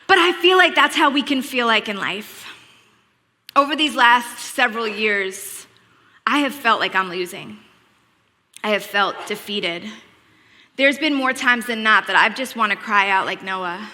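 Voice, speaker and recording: A woman's voice: on the high side, normal speed, sharp tone, in a large hall. A woman giving an earnest sermon that weaves in family stories with wry humor. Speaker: speaker.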